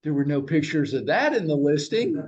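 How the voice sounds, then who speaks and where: Leading a training huddle, a real estate office boss tells his agents stories bluntly, with a bit of swearing and a stream of rhetorical questions. His somewhat high voice has a sing-song lilt, a normal pace, and a darkish tone. The highs are cut off in the audio.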